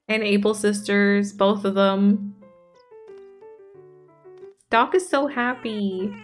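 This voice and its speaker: A woman's voice: mid-range voice, fairly even intonation, slow, gravelly, pauses often. Gushing woman streamer over game music. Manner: gushing, reads chat messages aloud. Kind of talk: casual chat while gaming.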